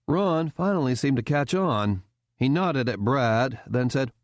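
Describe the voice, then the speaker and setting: A man reads an audiobook aloud in a steady, measured storytelling style. His voice is medium-pitched, and the scripted narration is recorded dry with studio quality.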